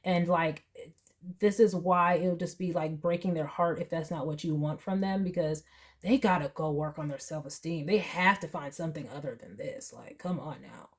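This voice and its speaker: A woman's voice: low voice, normal speed. A woman giving a tarot reading in a casual, earnest and emotional way, talking straight to the viewer. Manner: emotional, earnest, chatty with laughs and asides. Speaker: tarot reader.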